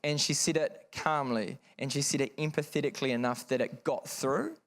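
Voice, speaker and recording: A man's voice: mid-range voice, fairly even intonation, moderate pace. A man speaking frankly to parents in a seminar room, telling a personal story in a conversational, earnest way with wry asides.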